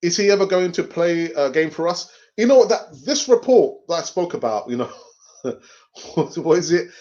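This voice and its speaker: A North London man hosts a casual fan-channel live stream with a lively pitch and lo-fi sound. He's chatty, laughs a lot, and does quick voices.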